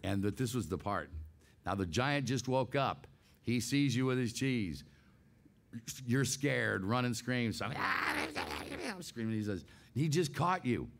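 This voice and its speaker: A man in his sixties, a guest voice actor, telling an anecdote in a casual, animated way, laughing often and acting out scenes. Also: medium pitch.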